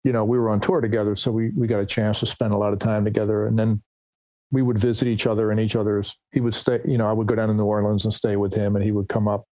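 A man's voice: on the low side, flat delivery, quick pace, dark tone, no room sound. A middle-aged man, a musician guest, telling stories in a casual interview, rambling with restarts and quoting others. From New Jersey, USA.

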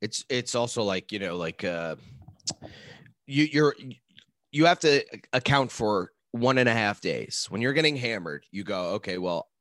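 A man in casual chat, talking in a halting, soft-spoken way. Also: mid-range voice, animated, dry recording, clean studio sound.

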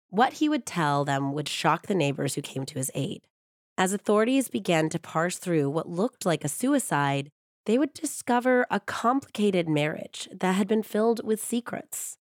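Slightly hoarse from a cold, this true crime podcast host has a husky voice sitting a bit low in her range. She opens with warm, upbeat chatter before shifting into a steady narration. The sound is close, dry studio audio without any room sound.

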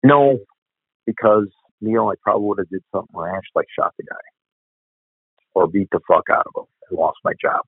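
On the low side and animated, the man speaks at a moderate pace with frequent pauses and a breathy edge; there's no room sound and the audio is narrow and tinny. He's a middle-aged police officer recounting a family tragedy in a candid interview, blunt, profane and repetitive as he remembers, telling it conversationally.

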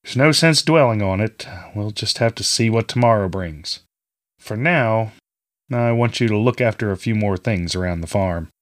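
A man voicing a middle-aged farmer father who speaks gently and kindly to his daughter. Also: lowish voice, moderate pace, lightly acted. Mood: gentle, fatherly.

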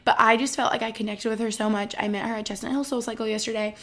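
A woman's voice: on the high side, steady tone, fast talker, fairly bright tone. A woman in her twenties hosting a podcast, talking in a casual, rambling and heartfelt way with lots of "like", emotional and tender. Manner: effusive, rambling, heavy use of "like". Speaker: podcast host.

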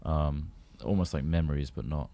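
A man's voice: rumbling low, normal speed, gravelly, dark tone. A man co-hosting a podcast, chatting casually with dry, jokey asides. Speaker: podcast co-host. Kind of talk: casual chat.

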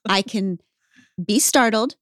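A woman hosting a podcast, telling stories in an emphatic, animated way. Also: medium pitch, slow, dry recording, studio quality. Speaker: podcast host. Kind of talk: casual podcast chat.

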